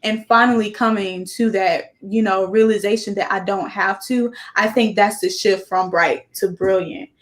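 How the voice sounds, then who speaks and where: A woman hosting a casual talk show, warmly affirming her guest. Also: mid-range voice, steady tone, normal speed, few pauses. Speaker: host. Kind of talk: casual chat.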